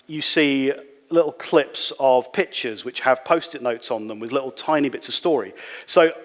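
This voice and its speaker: A man giving a relaxed, conversational conference talk, with frequent fillers and restarts. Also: medium pitch. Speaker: conference speaker. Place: conference hall. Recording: reverberant hall.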